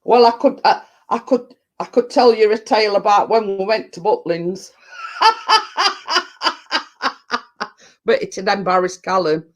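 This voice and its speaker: Slow rambling woman. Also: mid-range voice, animated. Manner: rambling, repeats herself, laughs often. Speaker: vlogger reading viewer comments. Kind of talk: casual live chat.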